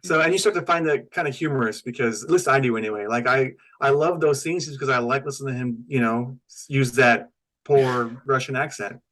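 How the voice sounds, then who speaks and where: A man's voice: mid-range voice, brisk, a bit bright. A man co-hosting a podcast, casually asking questions and chatting about a film. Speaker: podcast co-host. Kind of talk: casual movie chat.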